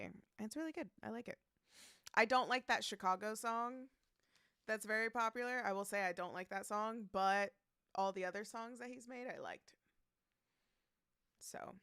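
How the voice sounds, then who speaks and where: Woman, livestream host, casual chat, smooth clear voice, dry close sound, greets viewers, laughs a lot. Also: mid-range voice, a bit bright, no echo. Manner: chatty, laughs often, greets viewers by name. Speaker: streamer reading live chat.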